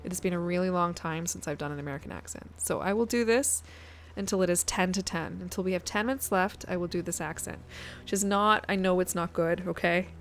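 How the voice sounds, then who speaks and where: A woman's voice: on the low side, fairly quick, few pauses, a little hiss or hum. A woman, chatting casually to her viewers while playing a game on a live stream and thinking aloud. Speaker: guest streamer.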